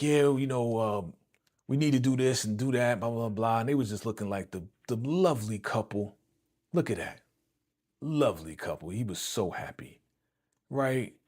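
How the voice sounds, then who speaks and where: A man hosting a reaction video, chatting casually and slangily to viewers, chuckling and repeating himself as he breaks down an episode. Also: lowish voice. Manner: frequent chuckles and repeated phrases. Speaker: reaction channel host.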